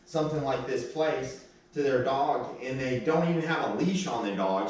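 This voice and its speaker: A man trainer talks through a session in an easy, casual manner, breaking off for short firm commands to the dog. He sits at a middle pitch for a man. The voice is heard from a distance, with a strong echo around it. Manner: casual, explains step by step with short sharp commands. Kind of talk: explaining training while working a dog. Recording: distant, very echoey.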